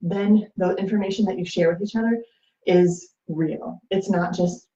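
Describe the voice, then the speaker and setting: Her voice sits on the low side, warm and steady at a normal speed, as she hosts a loose, chatty discussion of relationship advice full of fillers and acted-out quotes. Slight background noise accompanies an echoey room and dull lo-fi sound.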